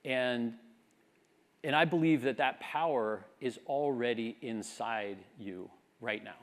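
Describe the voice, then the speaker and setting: A man's voice: mid-range voice, slow. A man in his fifties giving a graduation speech, earnest and reflective, building to a rousing call. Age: 50s. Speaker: commencement speaker.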